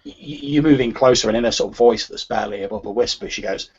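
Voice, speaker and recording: A man's voice: medium pitch, fast, hardly any pauses, a little mellow, slightly rough, lo-fi sound. A man narrating as game master for a tabletop game, hesitant and full of restarts.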